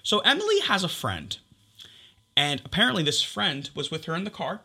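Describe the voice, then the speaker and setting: A young man and podcast co-host telling a story in a casual chat, animated and swearing as he acts out text messages. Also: a little high, husky. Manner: animated, swearing, quick retelling with quoted texts.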